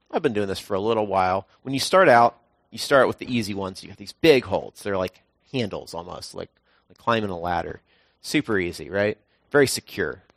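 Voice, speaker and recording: This young preacher keeps his sermon casual and chatty, weaving in ordinary anecdotes and occasionally jumping into a high voice to act out what someone said. The sound is clean studio audio with no echo.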